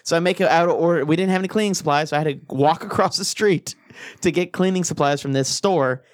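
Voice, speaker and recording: A man's voice: fairly high pitch, fast talker. Man laughing through a crude story. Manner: laughs through crude anecdote, animated swings up when excited. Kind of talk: casual storytelling chat.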